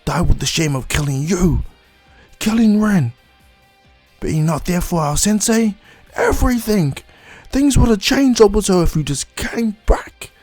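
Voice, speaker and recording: A man's voice: medium pitch, expressive, moderate pace, hardly any pauses, a little mellow, slightly rough, faint music behind. A man voicing an anguished young male ninja who pleads with a raised voice.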